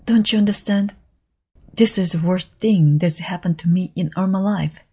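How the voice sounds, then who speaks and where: A woman voicing an eager, imaginative little orphan girl who talks dramatically, in a husky voice. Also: fairly low pitch, normal speed, mellow. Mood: tearful. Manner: eager, dramatic, tearful pleading.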